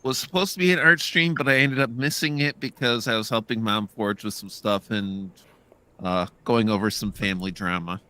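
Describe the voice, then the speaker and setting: A man from the United States with a bright, forward tone joins a casual group chat. He explains things plainly and without fuss. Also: lowish voice, moderate pace, smooth.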